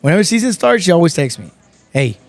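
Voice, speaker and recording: A man from Texas, a podcast guest, telling stories in a casual, animated way, swearing often and calling everyone bro. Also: a little high, fast talker. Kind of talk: casual chat.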